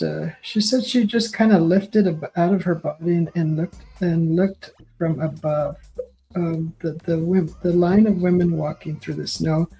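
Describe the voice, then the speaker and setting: A woman hosting a painting session, casually retelling a story in a halting way, with many restarts and fillers. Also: lowish voice, mellow, rough recording. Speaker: painting host.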